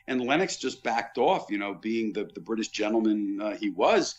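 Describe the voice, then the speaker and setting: A man's voice: on the low side, brisk, few pauses, muffled recording. A man who was a boxing pay-per-view executive, guesting on a podcast and telling vivid stories about his past. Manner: animated raconteur, vivid recollections. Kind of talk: anecdotal storytelling in casual chat.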